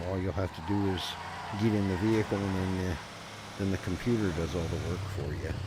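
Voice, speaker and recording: Guy streamer, deep voice, chatty and profane, folksy rambling rants. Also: heavy background noise. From Canada. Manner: rambling, swears freely, folksy ranting. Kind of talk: casual chat while gaming.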